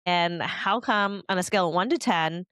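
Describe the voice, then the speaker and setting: A woman's voice: fairly low pitch, moderate pace, fairly bright tone, no echo. Young woman, podcast co-host, chatty and giggly, dry close sound. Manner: chatty, lots of likes and laughs. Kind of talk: casual chat.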